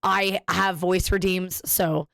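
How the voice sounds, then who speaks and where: A woman's voice: fairly low pitch, little pitch movement, slow, vocal fry, fairly bright tone, no room sound, studio quality. A woman streamer chatting casually with viewers, rambling and cutting herself off mid-sentence as she tells a story. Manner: rambling, self-interrupting storyteller.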